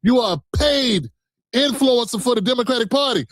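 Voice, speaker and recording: A man's voice: very high voice, animated, normal speed, no echo, studio quality. A man streaming a reaction, talking back to a clip in a combative, profane, mocking way. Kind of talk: heated reaction commentary.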